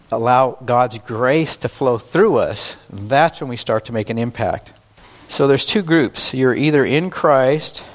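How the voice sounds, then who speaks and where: Male pastor, mid-pitched, conversational sermon delivery, slows down for emphasis. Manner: conversational and self-deprecating, with emphatic slowed phrases.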